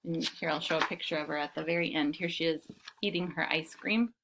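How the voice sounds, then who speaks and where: A young woman teaching children, reading a storybook aloud and sounding out words with expressive delivery. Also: sits low, a little fast, vocal fry, a little hiss or hum.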